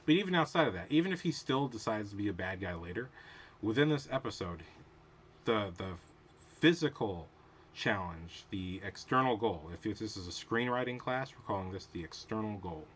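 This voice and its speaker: A man's voice: on the low side, lively intonation, normal speed, fairly bright tone, slight background noise. A man hosting his own show, giving casual analytical commentary on a TV episode, thinking aloud and wandering off on tangents. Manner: discursive, goes off on tangents, thinks aloud with restarts. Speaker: show host reviewing a TV episode.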